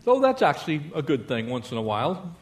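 Male pastor, fairly high voice, lively sermon with call-and-response amens and jokes. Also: brisk, slight background noise.

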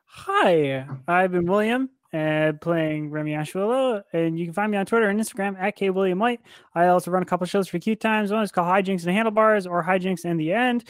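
Man, upbeat promo sign-off, high voice, dry recording. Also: fast, smooth, no room sound. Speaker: player and show host. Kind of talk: casual sign-off plug.

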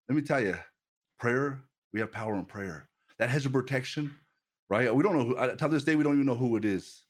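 A male pastor delivering a sermon at an ordinary middle pitch. He talks in a loose, conversational way, repeating words and restarting sentences as he tells personal stories, with a laugh now and then. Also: lively intonation, a little fast.

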